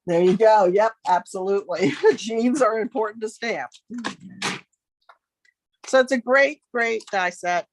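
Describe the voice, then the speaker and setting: A middle-aged woman giving a casual craft tutorial from her home studio, chatting and thinking aloud as she works. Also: medium pitch. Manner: chatty, friendly asides, thinks aloud while working. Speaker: crafting demonstrator.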